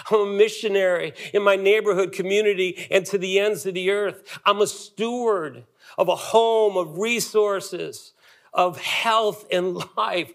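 A man in his fifties, a pastor delivering a sermon emphatically, with dramatic pauses and repetitions. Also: sits high, steady tone, a bit bright.

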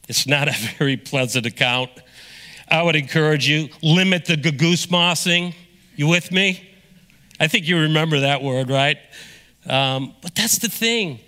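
A man preaching a sermon as pastor, energetic and drawing the congregation into call-and-response. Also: a little high. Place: church sanctuary. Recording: long reverb of a large hall.

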